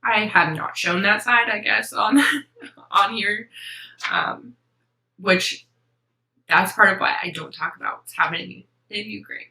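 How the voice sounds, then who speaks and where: A woman's voice: medium pitch, a little slow, pauses often, pushed and bright, roomy sound, rough recording. A young woman hosting a cross-stitch vlog, chatting to camera in a sentimental, rambling way with many ums. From Florida. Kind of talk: casual chat to camera.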